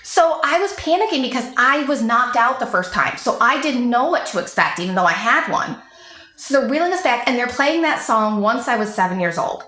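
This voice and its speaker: Woman in her thirties, bright and lively, swears freely, echoey room, casual storytelling. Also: a little high, a little fast. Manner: animated, swears freely, acts out quoted voices. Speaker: podcast guest.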